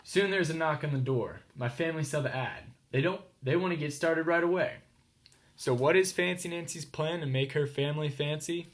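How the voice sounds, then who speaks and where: A man's voice: fairly high pitch, a little hiss or hum. Man reading a picture book aloud. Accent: American. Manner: reads slowly with explanations and questions to listeners.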